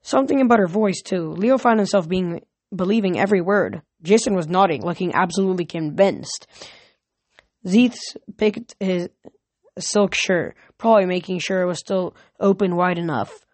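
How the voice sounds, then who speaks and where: A woman's voice: fairly low pitch, moderate pace, a little mellow, no room sound. A woman reading a novel aloud in a casual way, often correcting herself. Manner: casual, frequent self-corrections. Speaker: reader.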